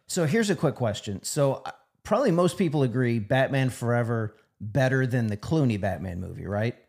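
A man with a mid-range voice on a relaxed movie podcast. He pushes back with questions and often restarts his sentences as he thinks. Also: mid-range voice, normal speed, vocal fry. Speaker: podcast co-host. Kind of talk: casual movie review chat.

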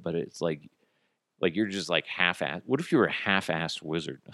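A man's voice: low-pitched, animated, moderate pace, fairly bright tone, no room sound, clean studio sound. A man hosting a podcast, telling stories in a casual, profane way and slipping into put-on voices. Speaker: podcast host. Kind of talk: casual solo monologue.

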